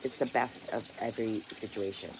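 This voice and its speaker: This woman has a very deep voice with fairly even intonation and a moderate pace. Streaming casually from beside a pond, she rambles, drops the odd swear word, and answers viewer comments aloud. Outdoor noise can be heard in the background.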